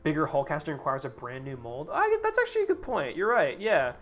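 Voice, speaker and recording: A man's voice: a little high, very animated, fairly quick, a bit bright, faint music behind. A young man chatting casually on a live game stream, rambling, swearing freely and laughing at his own jokes.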